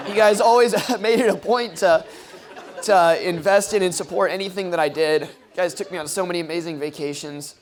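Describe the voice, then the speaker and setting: Young man giving a rambling wedding toast. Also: fairly high pitch. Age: young adult. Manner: rambling with many ums, fighting back tears. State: tearful, choked up. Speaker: groom giving a wedding speech. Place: wedding reception.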